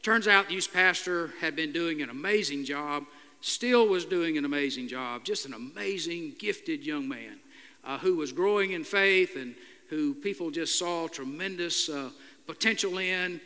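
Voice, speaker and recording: An older man, a pastor, preaching a sermon in a halting, earnest storytelling way with many "uh" fillers. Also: fairly high pitch, pushed and bright. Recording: long hall reverb.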